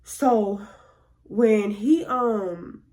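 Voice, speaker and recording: A woman's voice: medium pitch, drawn-out words, a little mellow. A woman vlogger telling a story in a rambling, profane, filler-heavy way. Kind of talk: casual storytelling.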